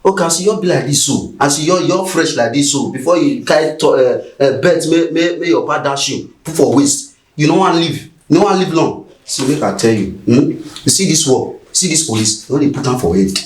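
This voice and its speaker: A man's voice: fairly high pitch, animated, a little fast, few pauses, roomy sound, lightly acted. A man playing a cynical Nigerian cop. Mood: scornful. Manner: scornful lecturing in Pidgin. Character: corrupt cynical male police officer. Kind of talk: film acting.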